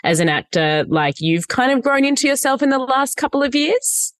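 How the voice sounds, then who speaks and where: Gushing, lively woman host. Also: high-pitched, moderate pace, no room sound. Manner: gushing, enthusiastic, laughs often. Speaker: entertainment interviewer host. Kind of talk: casual interview chat.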